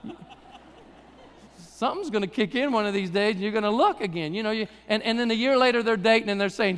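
A middle-aged male pastor preaching in a loose, conversational style, slipping in jokes before pressing his points hard. His voice sits high, and a long hall reverb trails behind every phrase from the live church service. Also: fast talker, fairly bright tone, smooth. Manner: conversational preaching with humor and rising emphasis. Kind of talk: sermon.

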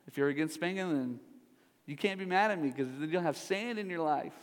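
A man's voice: a little high, a little fast. A middle-aged man preaching a sermon in a church, joking with the congregation in a conversational way. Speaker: pastor. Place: large church hall. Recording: reverberant church hall.

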